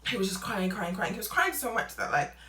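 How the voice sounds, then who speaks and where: Young adult woman, casual storytime vlogger, lively and laughing; bright tone, roomy echoey room. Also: mid-range voice, brisk. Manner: animated, laughing, acts out quotes. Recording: roomy echo, away from mic.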